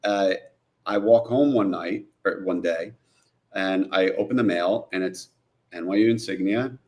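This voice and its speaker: A man's voice: low voice, a little slow. A man from New Jersey, a guest and film director, telling his own story in an interview and acting out the people he quotes. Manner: animated retelling, acting out quoted voices.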